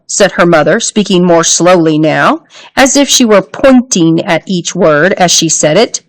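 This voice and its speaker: Female storybook reader, unhurried and expressive, animated pitch. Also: low-quality recording. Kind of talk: reading a children's novel aloud.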